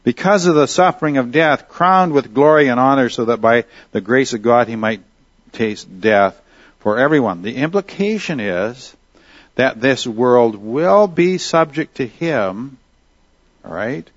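A man's voice: medium pitch, expressive, a little slow, no echo, lo-fi sound. A man teaching a Bible lesson in a conversational way, asking his listeners questions and reading Scripture aloud. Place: at a desk with Bible and notes on screen.

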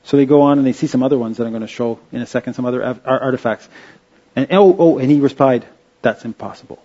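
Halting man giving a slide talk. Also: mid-range voice, warm tone, muffled recording. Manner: halting, many restarts and fillers. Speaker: presenter. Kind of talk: informal slide-show talk.

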